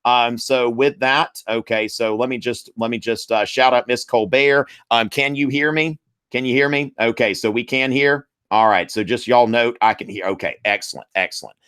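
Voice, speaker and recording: A man's voice: mid-range voice, moderate pace, fairly bright tone, clean tone. Chatty man hosting a live review. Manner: chatty, filler-heavy, addresses viewers as y'all. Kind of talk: live-streamed exam review.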